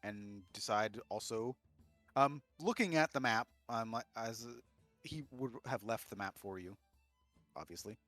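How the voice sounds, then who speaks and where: A man's voice: fairly low pitch, measured pace, a bit bright, no room sound, soft background music. A man running a tabletop game as game master, talking loosely with many fillers. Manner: loose and filler-heavy, laughing easily.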